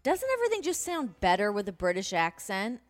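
A woman hosting a casual podcast chat, animated and laughing often. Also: medium pitch, fairly quick, faint music behind. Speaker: podcast host.

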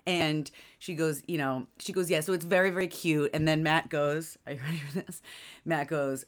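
Woman co-host, lowish voice, rambling casual storyteller full of "like". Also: steady tone, moderate pace. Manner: rambling storyteller, lots of fillers and laughs. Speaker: podcast co-host. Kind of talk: casual chat.

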